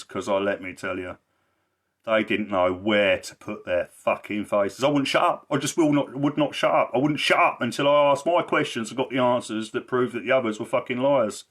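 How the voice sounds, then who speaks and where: Blunt, swearing man on a livestream. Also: on the low side. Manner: heavy swearing, blunt and emphatic; rambling, repeats himself. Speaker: livestreamer and social care campaigner. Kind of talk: casual livestream chat.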